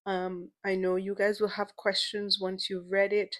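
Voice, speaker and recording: A woman's voice: medium pitch, little pitch movement, unhurried. Young woman, solo podcast host; casual, emotional, playful, lots of repeated words.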